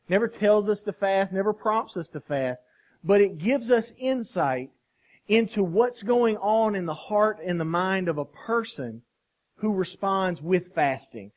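A man preaching a sermon, swinging from hushed passages to loud outcries, asking the congregation questions and calling on people by name. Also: high-pitched, highs cut off. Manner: asks the congregation questions and calls on members by name. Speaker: pastor.

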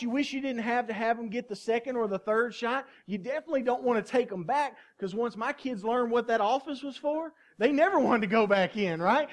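A pastor in his thirties delivers an animated sermon to his flock. His voice sits high for a man, and he keeps checking in with the room through quick call-and-response asides.

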